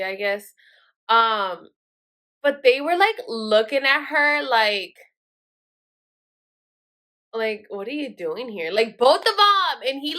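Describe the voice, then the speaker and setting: Bright and forceful, this woman's voice runs a little high. She's a vlogger recounting a story conversationally, swearing frequently and leaning heavily on "like" as filler.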